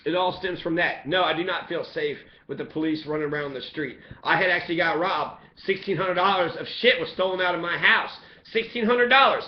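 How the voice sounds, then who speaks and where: A man's voice: fairly high pitch, brisk, hardly any pauses. A man in an angry, profane, repetitive rant about the police. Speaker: resident speaking out on police. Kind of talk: impassioned ranting monologue. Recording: echoey, dull lo-fi sound.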